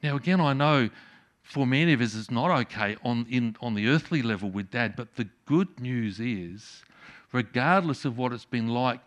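A middle-aged man preaching a sermon, swinging from loud emphatic peaks to soft hushed endings. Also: mid-range voice, moderate pace. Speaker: pastor.

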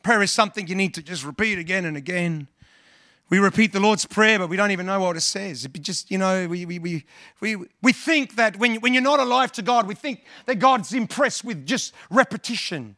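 High, bright-voiced preacher. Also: male voice, fairly quick, no room sound, clean studio sound. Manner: earnest, repeats words, quotes scripture and hymns. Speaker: pastor. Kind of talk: sermon.

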